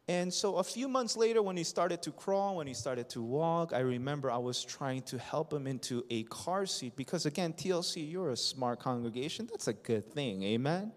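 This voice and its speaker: A pastor in his thirties preaching a sermon to his congregation, impassioned and building to loud emphasis. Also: a little high, animated, moderate pace, hardly any pauses. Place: church sanctuary. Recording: long reverb of a church hall.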